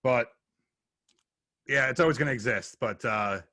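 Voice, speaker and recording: A man's voice: medium pitch, unhurried, pushed and bright, no room sound, studio quality. A man chatting casually on a podcast as a guest, easygoing and a bit rambling. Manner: easygoing, rambling, with lots of fillers. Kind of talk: casual chat.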